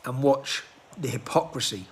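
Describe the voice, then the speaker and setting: A man delivering an agitated rant into his handheld phone, firing off rhetorical questions and clearing his throat. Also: medium pitch, normal speed, a little hiss or hum. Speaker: political activist. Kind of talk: impassioned rant to a phone camera.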